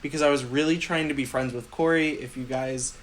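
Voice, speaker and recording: A man's voice: medium pitch, fairly even intonation, fairly quick, a little hiss or hum. A man co-hosting a podcast, arguing about a film in a blunt, teasing, profane way. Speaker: podcast co-host. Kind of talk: casual film debate.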